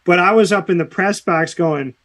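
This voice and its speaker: Animated male radio host telling stories. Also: high voice, moderate pace. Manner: animated storyteller, acts out quotes. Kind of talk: casual interview chat.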